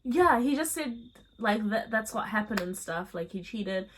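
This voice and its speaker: A young adult woman vlogger casually telling a storytime tale, chatty and animated, with slangy asides. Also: fairly high pitch, moderate pace, a little hiss or hum.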